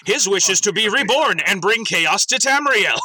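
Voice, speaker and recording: A man's voice: high voice, lively intonation, moderate pace, pushed and bright, a little hiss or hum. A man hosting a podcast, chatting casually and reading listener submissions aloud as comic dramatic readings.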